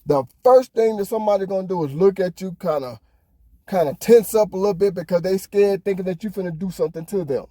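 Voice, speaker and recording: A man's voice: sits high, quick pace, mellow, no echo, clean studio sound. A man hosting a podcast, ranting heatedly in casual talk, swearing often. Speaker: podcast host. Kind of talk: casual opinion monologue.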